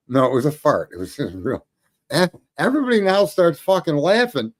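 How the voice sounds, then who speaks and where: A middle-aged man telling a story in a casual monologue, his voice sitting a little high. His pitch swings widely as he goes, and he swears freely and laughs often. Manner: profane, animated, laughing often. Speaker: host.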